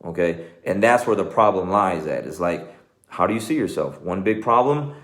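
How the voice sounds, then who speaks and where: Middle-aged Texan man, deep voice, earnest coach giving a motivational talk, recorded in a reverberant room. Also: lively intonation, moderate pace. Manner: earnest, conversational, says "man" and "okay" often. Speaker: jiu-jitsu coach, show host.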